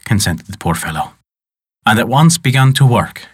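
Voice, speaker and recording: A man narrating a folk tale in an expressive, dramatic way as the storyteller of the show. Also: medium pitch, moderate pace, husky, no echo, studio quality.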